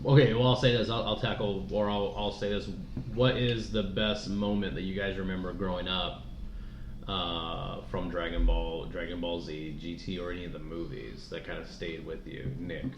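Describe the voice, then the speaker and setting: A man co-hosting a podcast chats casually, rambling, swearing, and laughing often. His voice is low with a level tone at a normal speed. The room audio is echoey and dull, with faint noise.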